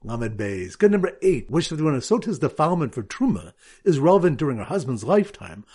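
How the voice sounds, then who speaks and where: Man, rabbi, Talmud lesson, sing-song reading, slightly high voice, breathy edge. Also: quick pace. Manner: lively teaching voice, sing-song Aramaic reading. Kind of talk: Talmud lesson with memory aids and a quiz.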